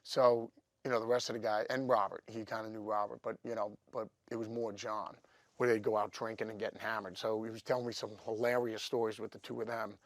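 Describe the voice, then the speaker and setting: A man's voice: on the low side, a little fast, no room sound. Rambling storyteller man, dry sound. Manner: animated, rambling, lots of fillers. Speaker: guest guitarist. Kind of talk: casual storytelling chat.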